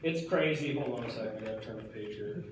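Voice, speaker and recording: A man's voice: medium pitch, quick pace, a little hiss or hum. A young man performing a comic stage monologue, rambling in slacker talk full of "like" and "dude". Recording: echoey hall picked up from far off.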